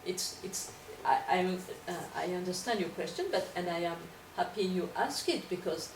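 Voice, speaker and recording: Woman lecturer answering q&a, lowish voice, stops and restarts a lot, far from the mic in a roomy hall. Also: moderate pace. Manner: hesitant, repeats words while searching for phrasing. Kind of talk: academic Q&A discussion. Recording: echoey room, distant mic, background noise.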